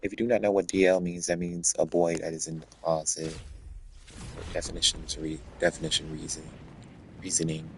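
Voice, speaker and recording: A man's voice: extremely low pitch, little pitch movement, brisk, slight background noise, rough recording. A man telling a rambling, profane story in a casual rant.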